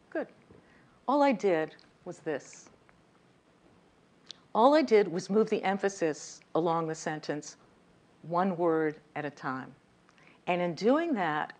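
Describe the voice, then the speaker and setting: Woman coaching a room on speaking, lowish voice, punchy emphasis, asks the crowd stuff. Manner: emphatic, demonstrative, direct with audience. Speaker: communication coach. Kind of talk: workshop lecture. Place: lecture room.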